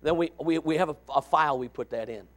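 A man's voice: a little high, fast. A middle-aged man preaching a sermon, emphatic and impassioned, with joking asides.

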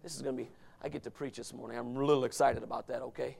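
A man preaching a fiery sermon from the pulpit, dropping to low murmurs and then rising to shouts. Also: steady tone, very fast, vocal fry. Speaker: pastor.

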